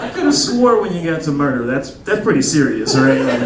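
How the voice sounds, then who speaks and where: A man's voice: on the high side, big pitch swings, a little fast, few pauses, heavy background noise. A man in his thirties doing a stand-up comedy set in a club, loose and conversational, with lots of fillers. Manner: loose and conversational, lots of "like", acts out voices in quotes. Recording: roomy club sound with crowd laughter. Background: audience laughing.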